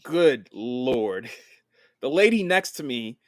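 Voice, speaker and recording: Animated, laughing man chatting about films. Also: medium pitch, takes it slowly, a crowd in the background. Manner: animated, laughs often, profane. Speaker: podcast co-host. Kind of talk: casual film chat.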